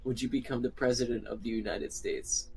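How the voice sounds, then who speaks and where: Casting: young man, casual gaming banter, teasing and laughing, mid pitch, faint background noise. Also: vocal fry, poor audio. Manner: joking, teasing, frequent laughter. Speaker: gaming friend.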